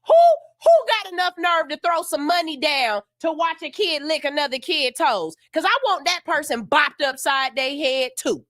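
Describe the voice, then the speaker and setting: A woman's voice: sits high, normal speed, few pauses, sharp tone, no room sound, studio quality. A woman hosting a morning radio show, ranting in outrage with profanity, then reading news stories aloud. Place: radio studio.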